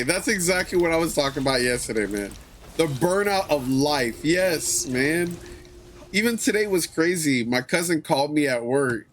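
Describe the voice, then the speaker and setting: A man hosting a livestream, chatting casually with viewers in a relaxed way, swearing often and repeating his phrases. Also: fairly high pitch, moderate pace, faint music behind. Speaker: livestream host.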